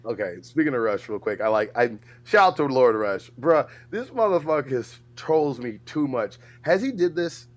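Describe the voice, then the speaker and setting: A man co-hosting a casual chat, telling stories in an animated way and laughing often. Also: medium pitch, moderate pace, few pauses. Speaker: co-host.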